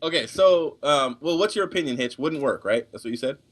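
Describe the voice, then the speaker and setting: A man's voice: on the high side, animated, brisk. A young man co-hosting a casual gaming podcast, teasing the others and passing questions around. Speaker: podcast co-host moderating questions.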